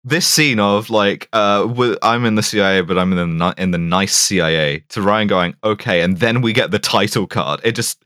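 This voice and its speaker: Podcast co-host, man, low voice, dry close sound, rambling and jokey. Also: moderate pace, few pauses, sharp tone, no room sound. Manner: rambling, jokey, lots of fillers. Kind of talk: casual chat recapping a film.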